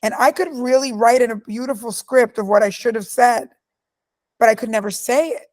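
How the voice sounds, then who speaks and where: A middle-aged woman in an interview, telling stories about her life with emphatic, forceful delivery. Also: a little high, steady tone, normal speed. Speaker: guest speaker. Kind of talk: candid interview answers.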